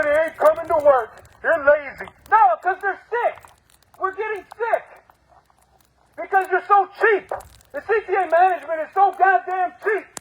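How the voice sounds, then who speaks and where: High-voiced angry union steward man. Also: phone-quality sound. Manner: angry, profane, rapid rhetorical questions. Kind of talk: protest speech. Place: outdoors at a street protest.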